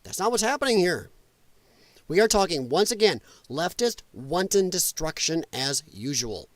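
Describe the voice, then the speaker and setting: Sarcastic high-voiced male commentator. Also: very animated, moderate pace, no echo. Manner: sarcastic, mocking, swears freely. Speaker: podcast host reacting to clips. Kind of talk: political commentary over clips.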